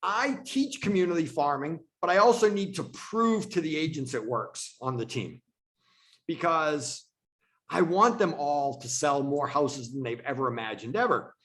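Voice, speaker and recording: A man's voice: on the high side, moderate pace, fairly bright tone. Man teaching real estate on a call. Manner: casual, repeats himself for emphasis. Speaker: real estate team leader. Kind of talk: online training presentation. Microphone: video call.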